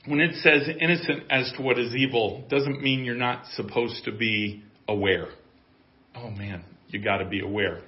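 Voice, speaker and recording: A man's voice: medium pitch, normal speed. Man preaching, roomy muffled sermon audio. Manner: swings from quiet musing to loud emphatic preaching. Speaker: pastor. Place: church. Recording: echoey, muffled church audio.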